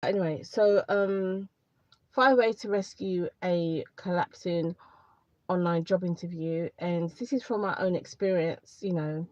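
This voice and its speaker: A woman with a lowish voice talks candidly to her live viewers and gives advice in a loose, rambling way, often saying things twice. The sound is dry and a little dull, like a phone or laptop mic on a stream. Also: a little mellow, no room sound. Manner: candid, rambling, repeats herself. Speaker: career advice livestreamer. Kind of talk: casual live chat to viewers.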